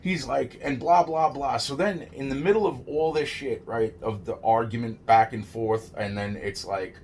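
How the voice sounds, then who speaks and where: A man's voice: medium pitch, normal speed, hardly any pauses, a little mellow, slight background noise. Rambling, foul-mouthed man telling a story. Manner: rambling, heavy swearing, restarts and laughs. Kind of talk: casual personal storytelling.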